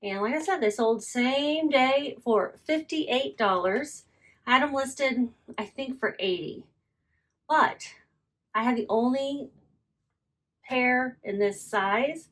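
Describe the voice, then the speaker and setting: A woman vlogger chatting casually as she packs and ships her online sales, thinking aloud and repeating herself. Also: on the high side. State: yawning, hiccuping. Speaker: reseller vlogger. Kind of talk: casual chatty vlog while packing orders.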